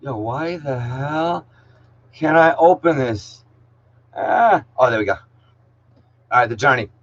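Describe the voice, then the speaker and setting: Slow and expressive, a man with a medium-pitched, fairly bright voice teaches an online middle school English class. He's laid-back and jokey, full of slang and "yo," and calls on students by name. The sound quality is lo-fi.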